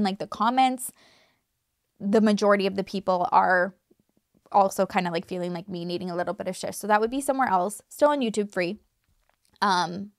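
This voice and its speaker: A woman vlogger in her thirties talks straight to her viewers in a loose, chatty way, piling on fillers, restarts and emphatic turns. Her voice sits at an ordinary middle pitch. The sound is close and dry, with no room echo. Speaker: YouTube true crime creator. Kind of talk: casual talk to camera.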